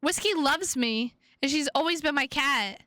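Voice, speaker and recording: A woman's voice: sits high, normal speed, bright, forceful tone, dry recording, clean studio sound. A woman voicing a possessive young male captor, speaking curtly and scolding. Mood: cold. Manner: curt, scolding. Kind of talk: visual novel read-aloud.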